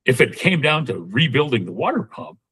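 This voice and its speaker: A man's voice: medium pitch, big pitch swings, normal speed, fairly bright tone, breathy edge, poor audio. A man in his sixties, a podcast guest talking in a casual, rambling way with lots of fillers and restarts. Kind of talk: casual interview talk.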